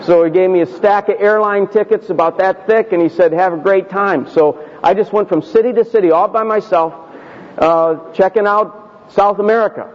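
A male pastor telling a personal story in a sermon, conversational and self-deprecating, slowing down for emphasis. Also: high-pitched. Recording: dull audio with long hall reverb.

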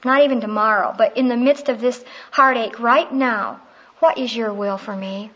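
A middle-aged woman teaches on prayer in a fairly high, slightly bright voice at a moderate pace. She tells personal stories in a heartfelt, conversational way. The recording sounds dull and lo-fi.

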